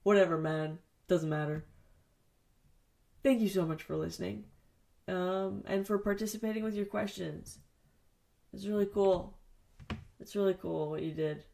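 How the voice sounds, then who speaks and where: A woman's voice: mid-range voice, unhurried, vocal fry, pauses often, dark tone. A woman hosting a solo podcast in a casual, rambling way, swearing often and joking at her own expense. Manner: profane, rambling, self-deprecating. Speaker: podcast host. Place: home basement studio. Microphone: studio mic, spoken into its wrong side.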